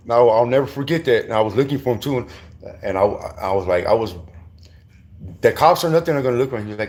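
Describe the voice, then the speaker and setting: A middle-aged Southern California man who did time tells prison stories casually, in profane street slang with lots of restarts. His voice sits lowish and darkish, and he talks fast.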